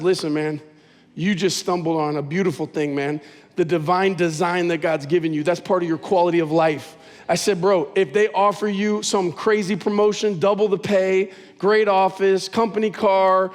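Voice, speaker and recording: A man's voice: sits high, in a large hall. A man preaching a sermon as pastor, talking conversationally and telling stories with animation.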